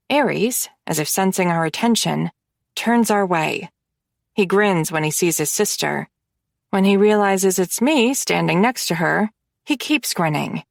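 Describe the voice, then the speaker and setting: Slow, expressive woman narrating an audiobook. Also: lowish voice, creaky, dry recording, clean studio sound. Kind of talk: first-person romance audiobook narration.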